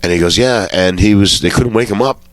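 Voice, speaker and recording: Low-voiced man telling comic stories. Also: brisk, dry recording. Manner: swearing storyteller who acts out quotes. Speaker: comedian guest. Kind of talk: casual anecdote telling.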